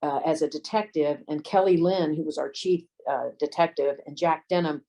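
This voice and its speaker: A woman's voice: sits low, fairly even intonation, normal speed, mellow, rough recording. An older woman, a lawyer and former detective, telling folksy courtroom anecdotes in an interview. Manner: folksy anecdotes, acts out quoted voices. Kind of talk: storytelling interview.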